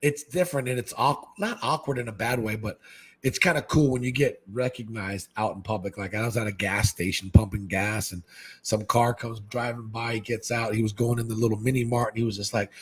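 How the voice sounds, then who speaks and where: A man from Hawaii, a guest on a casual podcast chat, talking excitably and saying "man" constantly. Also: a little fast, husky. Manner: excitable, says "man" constantly, jumps into high animated quoted voices. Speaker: guest, fish-keeping content creator.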